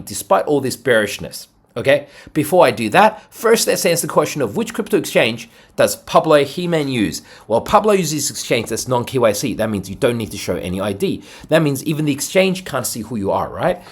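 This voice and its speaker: A man runs through crypto charts in a loose, excitable commentary, punching his points with "boom" and "right?". His voice has a husky edge and sits at an everyday middle pitch. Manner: energetic, salesy, lots of "right?" and "boom". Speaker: crypto trading video host. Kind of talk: casual market commentary over charts.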